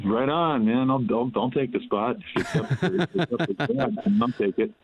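A man's voice: mid-range voice, expressive, normal speed. A man calling in as a guest musician, chatting in an easygoing, drawling way and often adding "man". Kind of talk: casual chat. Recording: tinny phone line with faint hiss.

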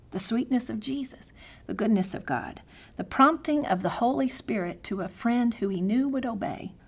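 A middle-aged woman giving a devotional Bible teaching in an earnest manner, dropping to soft, near-whispered tones for prayers and scripture. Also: medium pitch.

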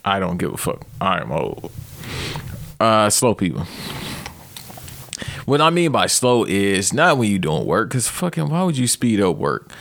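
A man's voice: lowish voice, a little slow, vocal fry, long pauses. A man in his thirties ranting loosely and profanely as a podcast host, with sudden outbursts. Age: 30s. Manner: profane, rambling, animated outbursts. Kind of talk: comedic rant.

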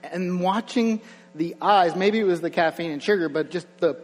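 A man's voice: high voice, normal speed. Man preaching in a reverberant church. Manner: conversational, chuckling asides, builds in energy. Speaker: pastor. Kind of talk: sermon. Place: church sanctuary. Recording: long hall reverb, faint mains hum.

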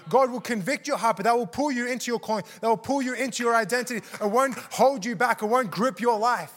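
Animated high-voiced man preaching a sermon. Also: quick pace. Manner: animated, acts out quotes with gasps and laughs. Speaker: guest preacher. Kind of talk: sermon storytelling. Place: church service.

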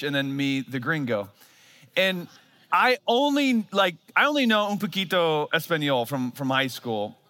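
Pastor, male, 30s, self-mocking storyteller in a church sermon, bright ringing voice, a bit high for a man.

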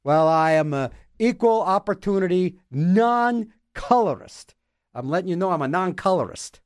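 Lively high-voiced rambling male host. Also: moderate pace, dry recording, studio quality. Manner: playful, self-mocking, trips over words and repeats them; talks to himself in back-and-forth mock dialogue. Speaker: radio show host. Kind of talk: rambling comic monologue.

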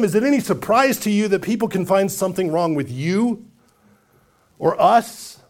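A man preaching a sermon as pastor, animated and acting out the voices of people in the story. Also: sits high, gravelly. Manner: animated, acts out quoted voices.

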